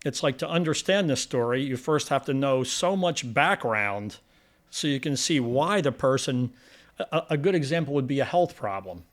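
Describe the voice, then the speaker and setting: A man's voice: mid-range voice, lively intonation, normal speed. A man hosting a film review podcast in a casual, rambling chat with many restarts.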